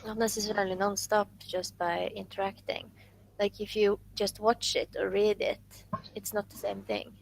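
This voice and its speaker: A young woman with a gravelly, fry-heavy voice speaks in a thoughtful, matter-of-fact way. Her pitch sits in the middle of the range, and she sounds relaxed among friends. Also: normal speed, poor audio. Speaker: friend in a group chat. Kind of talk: casual chat.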